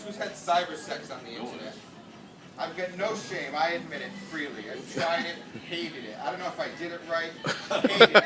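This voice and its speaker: A brash, self-mocking middle-aged comedian with a New England accent tells stories, his voice sitting a little high. He is picked up from far off by a camera in a roomy ship lounge, with a steady wash of noise over the sound. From United States. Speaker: stand-up comedian. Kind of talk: stand-up storytelling. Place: ship lounge at a meet-and-greet. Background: audience laughter.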